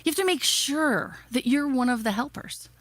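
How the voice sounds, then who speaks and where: Emphatic, lively woman giving a keynote. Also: sits high, moderate pace, no echo. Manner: energetic, emphatic, repeating rhetorical questions. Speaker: keynote speaker. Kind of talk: motivational keynote speech.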